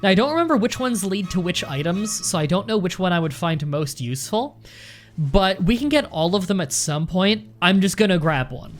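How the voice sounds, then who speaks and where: A man's voice: high-pitched, expressive, fairly quick, faint music behind. A man giving casual gameplay commentary as a let's play host, chatty and rambling as he thinks aloud.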